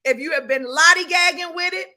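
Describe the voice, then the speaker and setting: A woman's voice: very high-pitched, brisk, bright, forceful tone. Fired-up woman coaching a livestream. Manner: hypes up the audience, greets viewers by name, repeats key points. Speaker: business coach hosting a livestream class.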